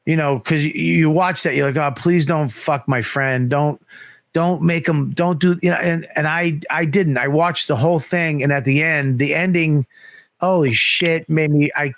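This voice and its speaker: A middle-aged man telling animated, profane stories on a comedy podcast. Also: a little high, dry recording. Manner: animated, profane, acts out voices in his story. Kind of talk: casual storytelling on a comedy podcast.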